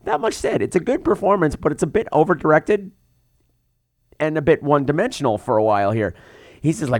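A man's voice: a little high, fairly quick, dry recording, studio quality. A man hosting a podcast, recapping a film in a sarcastic, comedic way. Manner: sarcastic, animated storytelling. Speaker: podcast host and film reviewer.

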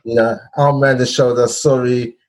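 A man's voice: on the high side, big pitch swings, normal speed, a little mellow. A man, co-hosting a casual podcast and telling a football story, checking in with "yeah?" and "bro". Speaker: podcast co-host. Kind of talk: casual chat.

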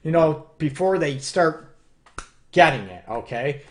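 A man hosting a live relationship advice show, talking to viewers in an animated, repetitive way and often calling them "people". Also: fairly high pitch, unhurried. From Detroit area. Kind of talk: live-streamed advice talk.

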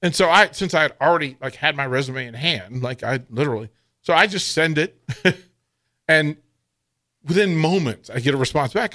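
A man spins stories on a sports radio show. His voice is raised and bright, and it swings up and down with a lot of life. He laughs often, talks in casual slang and acts out what others said. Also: on the high side, lively intonation, moderate pace. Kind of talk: animated storytelling chat.

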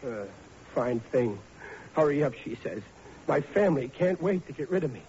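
A man's voice: medium pitch, expressive, moderate pace, mellow, natural voice. An actor playing a blundering, blustering working-class family man with a Brooklyn accent in a 1940s radio sitcom. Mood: indignant. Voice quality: ungrammatical, fretful bluster. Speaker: sitcom lead. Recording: muffled old radio broadcast with hiss.

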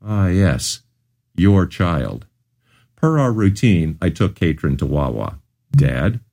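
A man's voice: low voice, very animated, slow, creaky, a little mellow. A man narrating his own memoir as an audiobook, telling it earnestly in the first person.

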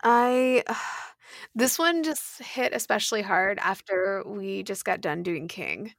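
A woman co-hosting a podcast, chatting casually and retelling a comic story in an animated way, swearing freely. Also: mid-range voice, slow pace, vocal fry, dry recording, studio quality. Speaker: podcast co-host. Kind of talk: casual chat.

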